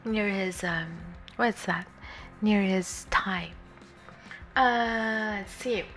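Giggly bright-voiced woman streamer. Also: mid-range voice, drawn-out words. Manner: giggly, chatty, reads game lines aloud. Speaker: VTuber streamer. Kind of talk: casual game stream chat. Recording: faint music underneath. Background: soft game music.

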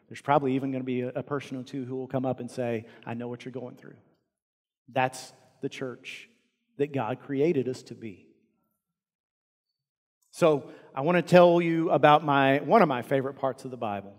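A man with a Texan accent preaching a sermon as pastor, earnest, swinging from loud emphasis down to hushed, quiet lines. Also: medium pitch, steady tone, moderate pace, long reverb tail. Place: large church sanctuary.

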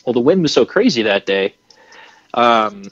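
A man in his twenties telling a hunting story in a casual way, animated and full of fillers. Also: mid-range voice, normal speed, no room sound. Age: 20s. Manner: animated, acts out his own reactions, many fillers. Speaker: hunting program founder and podcast guest. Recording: dry, slightly dull lo-fi audio.

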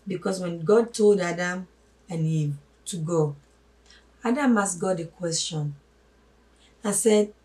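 A woman giving a spoken sermon, emphatic, swinging from loud stresses to hushed asides and calling listeners her brothers and sisters. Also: fairly low pitch, takes it slowly, pauses often. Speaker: religious teacher. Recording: voice a little distant from the mic.

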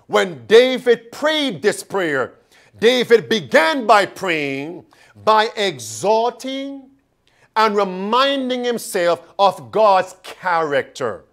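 Lively, high-voiced male preacher. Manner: calls and questions to the congregation, drawn-out emphatic phrases. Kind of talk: sermon.

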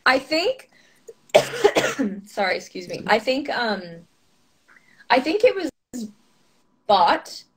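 A woman's voice: high voice, very animated, slow pace, pauses often, background noise. A young woman telling stories as a guest in a casual interview, chatty and full of fillers, laughing often. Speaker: actress being interviewed.

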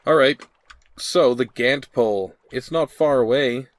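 A man's voice: medium pitch, a little slow. A man hosting a game playthrough, reading the game's text aloud and thinking aloud with hesitant ums and hmms. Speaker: let's play host.

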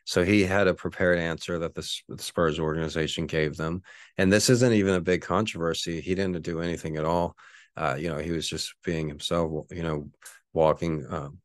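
Rambling, low-voiced podcast host man. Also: fairly even intonation, normal speed, no echo, studio quality. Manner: rambling, profane, frequent fillers and self-corrections. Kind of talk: casual monologue.

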